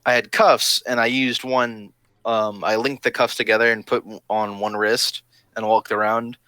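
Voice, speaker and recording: A young man talks loosely and jokingly, trying out quick put-on voices between thoughts. His tone is bright and forward, and the recording is dry and close. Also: lowish voice, level tone, smooth, no echo. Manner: rambling, jokey, tosses in quick silly voices. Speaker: LARP podcast co-host. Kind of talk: casual chat.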